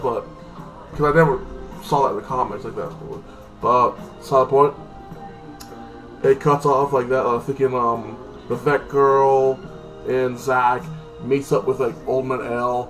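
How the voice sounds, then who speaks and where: A man's voice: medium pitch, far from the mic, poor audio. A man giving a casual, rambling recap of a TV episode, often saying "like this" and "like that" and swearing offhand. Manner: rambling, heavy use of "like this" and "like that". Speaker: TV episode reviewer.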